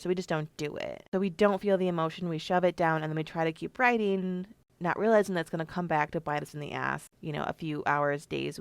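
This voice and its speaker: A young adult woman talks through her solo podcast in a slightly low, unpolished voice. She is candid and swears casually. The sound is close and dry, with no room around it. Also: no room sound. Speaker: podcast host.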